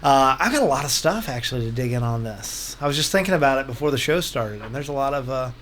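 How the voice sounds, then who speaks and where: A man's voice: mid-range voice, lively intonation, fast, a bit bright, slight background noise. A man hosting a radio talk show, chatting casually and joking in a rambling way. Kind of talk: casual panel chat.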